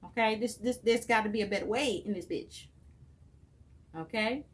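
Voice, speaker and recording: A woman's voice: medium pitch, moderate pace. A woman giving a tarot reading in a casual, profane and emphatic way, speaking straight to the viewer. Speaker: tarot reader.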